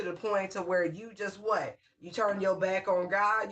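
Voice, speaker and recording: A tarot reader talking casually to viewers, excitable and laughing often, stretching out exclamations. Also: medium pitch, takes it slowly.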